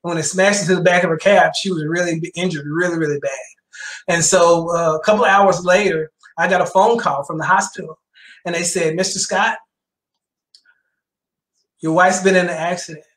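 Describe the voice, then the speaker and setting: Preaching from a church sanctuary, this middle-aged elder recounts his testimony and repeats key phrases for emphasis. He speaks a little fast in a slightly high, bit-bright voice with fairly even intonation, and the room adds a spacious echo.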